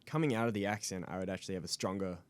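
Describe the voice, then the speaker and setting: Low-voiced Australian young man, hesitant. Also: rapid-fire, clear, resonant tone. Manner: hesitant, many ums and uhs. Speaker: guest actor. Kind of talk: casual interview chat.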